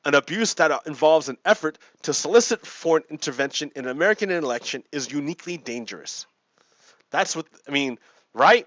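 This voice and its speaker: A man with a voice on the high side, animated, brisk and a bit bright, hosts a gaming video with no room sound. He reads out and explains politics casually, chuckling and often repeating himself as he plays, captured on a dry, dull lo-fi mic.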